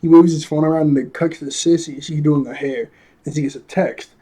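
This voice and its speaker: A man with a fairly high but mellow voice runs through a cartoon episode in a casual review. He talks in loose slang, leans on fillers and keeps breaking into chuckles. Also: steady tone, brisk, breathy edge.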